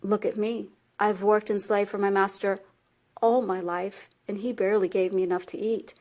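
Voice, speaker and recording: A woman's voice: medium pitch, level tone, normal speed, a little mellow, natural voice. A woman reading aloud, voicing an old, worn-out male donkey who sounds weary and bitter in a storybook tale.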